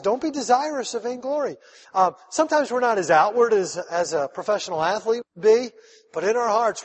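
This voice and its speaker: A man, a pastor, preaching a conversational sermon that builds to emphatic, rising calls to his congregation. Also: high voice. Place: church sanctuary. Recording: long hall reverb.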